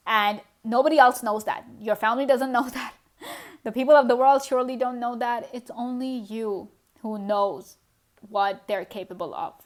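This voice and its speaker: A woman's voice: a little high, normal speed. A woman giving a casual pick-a-card tarot reading, talking straight to the viewer with lots of "you know" and little laughs.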